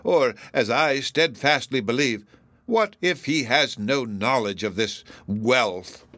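A man reading aloud, voicing a bitter, incredulous old gentlewoman in a raised, slowed, emphatic voice. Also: medium pitch, expressive, no room sound. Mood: questioning.

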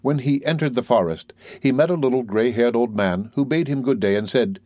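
A man reading a fairy tale aloud in a measured, even way. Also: medium pitch, no room sound. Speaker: narrator. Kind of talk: storybook reading.

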